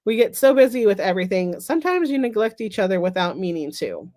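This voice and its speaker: An affable, somewhat sheepish middle-aged husband, read by a woman author. He speaks at a middle pitch in a relaxed storybook tone. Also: fast, natural voice.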